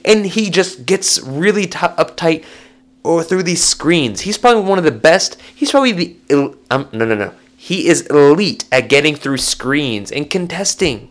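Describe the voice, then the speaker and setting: A young man hosting a solo sports podcast, talking casually in jokey rants that swing between excited highs and low mumbles. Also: moderate pace.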